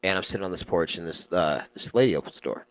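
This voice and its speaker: Deep-voiced young man telling wild stories. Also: fast, clear, resonant tone. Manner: animated, slangy, swears freely, acts out quotes. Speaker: podcast guest. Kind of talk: casual storytelling chat.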